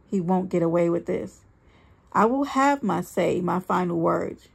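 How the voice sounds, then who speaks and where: Husky, gravelly woman reading a story. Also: on the low side, animated, unhurried. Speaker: reader. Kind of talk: first-person dramatic story reading.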